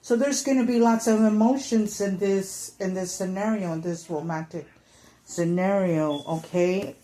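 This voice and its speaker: A woman with a medium-pitched, dark-toned voice reads tarot casually on camera at a measured pace. Her talk is full of fillers, and she sometimes performs the things people might say.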